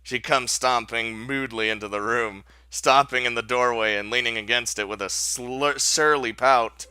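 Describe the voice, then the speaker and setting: A man's voice: mid-range voice, steady tone, moderate pace, pushed and bright, clean tone, no echo. A man playing a visual novel, reading the story aloud and adding casual, swearing commentary with laughs and restarts. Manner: casual, swears, laughs, breaks off mid-sentence. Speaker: let's play host.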